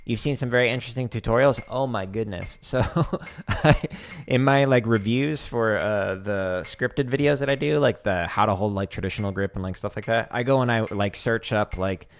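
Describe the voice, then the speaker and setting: A man's voice: lowish voice, moderate pace. A man hosting a drumming livestream, chatting casually between practice and laughing often as he mocks the voices of commenters. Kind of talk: casual chat while practicing. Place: home practice room with drums.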